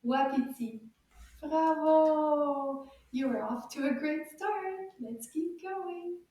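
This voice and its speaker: A woman teaching French to young children, saying words slowly and clearly and giving cheerful praise. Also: high-pitched, warm tone. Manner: slow, exaggerated repeating of words for children. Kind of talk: kids' language lesson. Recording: echoey room, voice far from the mic.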